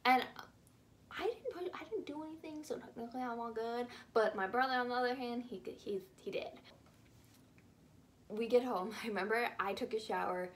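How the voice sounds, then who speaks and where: A young woman telling a childhood story on her channel, animated and rambling with lots of fillers. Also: on the high side, normal speed. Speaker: YouTuber. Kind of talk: casual storytime.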